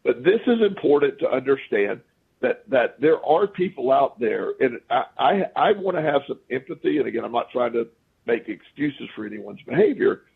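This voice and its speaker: A podcast guest with a creaky, husky, medium-pitched voice speaks at a normal pace over phone-quality sound. He tells his anecdotes casually and animatedly, voicing what others said.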